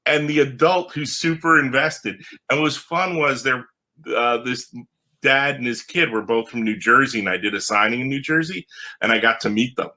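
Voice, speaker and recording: A man, a comic book writer, telling stories in an animated podcast conversation and acting out the voices of the people in them. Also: normal speed. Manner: animated, acts out quoted voices with big pitch jumps. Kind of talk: animated storytelling in a podcast interview.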